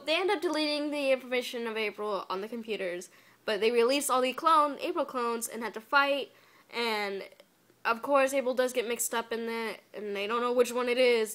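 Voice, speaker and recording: A woman's voice: a little high, fairly bright tone. A woman giving a casual spoiler review of a cartoon episode, chatty and exasperated, full of "like" and whispered asides.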